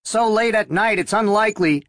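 A man voicing a brisk, curt male dispatcher answering over a police radio in an audiobook. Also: high-pitched, a bit bright, no room sound, clean studio sound, voice pushed up.

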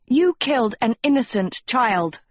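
A woman voicing a blunt, prickly teenage girl branded a witch, sharp-tongued and defiant, with a husky voice. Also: mid-range voice, lively intonation, a little slow, voice pushed up.

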